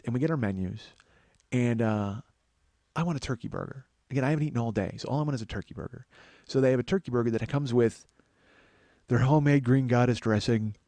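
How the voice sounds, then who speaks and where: A man's voice: medium pitch, a little mellow, no room sound. A middle-aged man, a comedian and podcast host, telling a story as an exasperated, swearing rant. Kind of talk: storytelling monologue.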